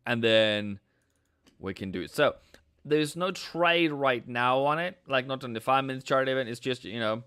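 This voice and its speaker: A man's voice: medium pitch, normal speed, sharp tone, clear, resonant tone. Playful man hosting a stream. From Norway. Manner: playful, chats with viewers, breaks into silly sound effects. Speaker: forex trading livestream host. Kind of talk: casual live-stream commentary.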